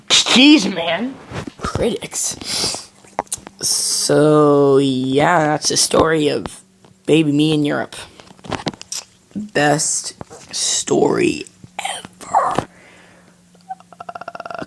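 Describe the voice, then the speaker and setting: A man's voice: on the high side, fairly even intonation, measured pace, vocal fry, slight background noise. A young man hosting a game video, telling a rambling story with jokes and many self-corrections. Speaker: gaming channel host. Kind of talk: casual storytelling during a game.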